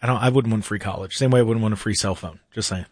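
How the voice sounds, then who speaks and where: A man's voice: on the low side, very fast, darkish tone, no room sound, clean studio sound. A man hosting a talk radio show, bantering sarcastically and rambling through restarts.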